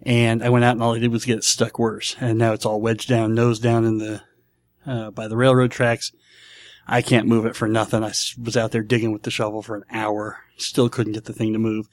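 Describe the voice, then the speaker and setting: A man's voice: on the low side, completely flat delivery, brisk, no echo. A man from Nebraska hosting a casual solo podcast, enthusiastic and rambling, often repeating himself. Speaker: podcast host.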